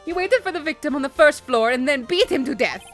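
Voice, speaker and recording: A woman's voice: high voice, animated, brisk, faint music behind, voice pushed up. A woman voicing a haughty young female prosecutor with a put-on foreign accent, reading game dialogue on a stream. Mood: commanding. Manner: clipped commanding delivery, put-on Eastern European accent.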